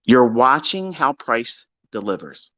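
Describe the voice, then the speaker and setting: A man's voice: medium pitch, sing-song, slow pace, sharp tone, no echo. A man who is a trading mentor, delivering a blunt, exasperated rant to his students with heavy swearing. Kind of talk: profane ranting lecture to students. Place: live audio chat room.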